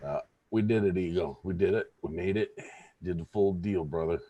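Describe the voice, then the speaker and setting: A man's voice: low voice, moderate pace, no echo, narrow, tinny audio. A man, a guest on a casual podcast, telling a long joke in a tired, laid-back way and laughing often. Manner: laid-back storyteller, voices characters in jokes, laughs often.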